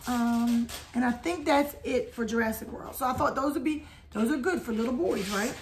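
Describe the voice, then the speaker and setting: A woman's voice: on the high side, normal speed, background noise. Chatty woman showing toys. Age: adult. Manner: chatty, addresses viewers as y'all, hums theme tunes. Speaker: haul video host. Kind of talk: casual haul vlog.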